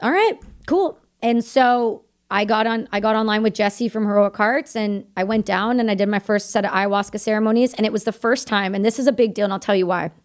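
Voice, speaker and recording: A woman's voice: medium pitch, fairly even intonation, clear, resonant tone. A woman from Canada, a combat veteran, telling her story as a podcast guest in candid, earnest conversation. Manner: earnest, tells her story in quick bursts of remembered dialogue.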